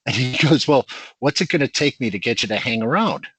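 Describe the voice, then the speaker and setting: A middle-aged man telling a long, animated story to old friends on a podcast, laughing as he goes. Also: medium pitch, fairly quick, background noise. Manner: animated anecdote teller who laughs through his story. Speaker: podcast guest.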